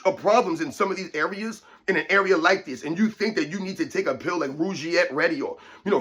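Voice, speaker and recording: Brief: higher-pitched male fitness host, emphatic, repetitive rant to camera. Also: a bit bright. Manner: emphatic, repetitive, keeps addressing viewers as guys. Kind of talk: opinion rant to viewers.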